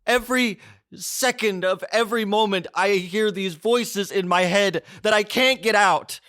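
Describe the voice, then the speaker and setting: A man's voice: high voice, measured pace, pushed and bright, voice pushed up. A man playing a young man who breaks down under the voices in his head, screaming and pleading. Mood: frantic.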